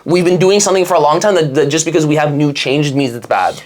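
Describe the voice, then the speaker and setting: Fast-talking young man, rambling podcast chat. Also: fairly high pitch, a little mellow. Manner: rambling, swears casually, many restarts. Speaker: podcast co-host. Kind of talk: casual chat.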